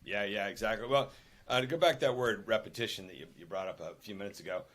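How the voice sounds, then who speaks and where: An older man, a podcast guest and author, telling anecdotes in an animated, emphatic way. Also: lowish voice, fast talker. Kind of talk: conversational interview.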